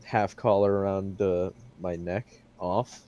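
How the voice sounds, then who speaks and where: A man playing a tabletop game, speaking haltingly with many fillers. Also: deep voice, steady tone, warm tone, lo-fi sound. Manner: hesitant, filler-heavy, halting. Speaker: player.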